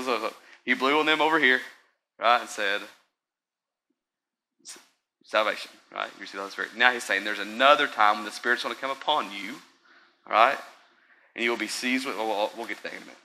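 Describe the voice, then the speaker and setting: In a fairly low voice, the pastor talks his sermon through conversationally, regularly checking in with listeners and shifting from gentle, slow delivery to loud excitement. There's a bit of hiss or hum, and the audio quality is poor.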